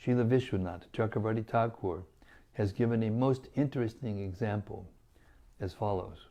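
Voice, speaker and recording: A man reading scripture aloud to listeners in a deliberate, measured way, pausing between phrases. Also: lowish voice, dark tone. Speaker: scripture reader.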